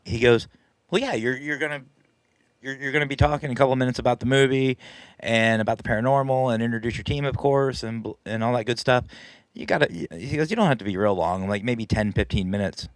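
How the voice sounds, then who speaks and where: A paranormal team leader hosts a live stream, telling a story in a chatty, self-deprecating way and laughing often. His voice is mid-range and he talks fast, with no room sound.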